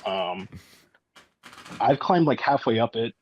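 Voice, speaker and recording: A man speaking as an interview guest, telling his story in a halting, matter-of-fact way with many fillers. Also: mid-range voice, lively intonation, darkish tone, dull audio. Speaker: guest, eyewitness.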